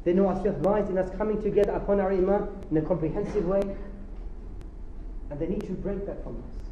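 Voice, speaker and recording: A man delivers an impassioned religious lecture, pressing his listeners with rhetorical questions. His voice sits high yet sounds very dark and mellow. The lo-fi recording carries the echo of a large room. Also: brisk, a little hiss or hum. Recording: roomy lo-fi lecture hall recording.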